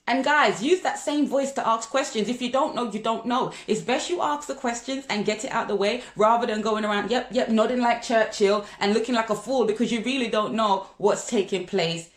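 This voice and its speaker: A woman's voice: fairly high pitch, normal speed, hardly any pauses. A Jamaican woman vlogging casual, direct advice to viewers, calling them guys. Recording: echoey room.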